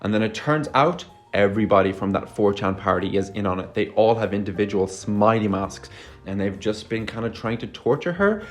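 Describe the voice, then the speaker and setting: A man's voice: on the low side, expressive, a little fast, soft background music. A man giving a casual movie review, sarcastic and exasperated, swearing often. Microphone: phone.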